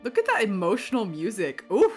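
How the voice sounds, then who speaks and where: A young woman giving excited, dramatic, laughing commentary on her game play-through, swearing freely. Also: mid-range voice, a little fast, faint music behind. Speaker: streamer.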